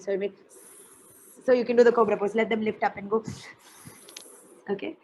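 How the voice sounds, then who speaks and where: A woman leading an online teacher workshop, explaining in a friendly way with quick asides. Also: fairly high pitch, steady tone, darkish tone, highs cut off, slight background noise. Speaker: teacher trainer.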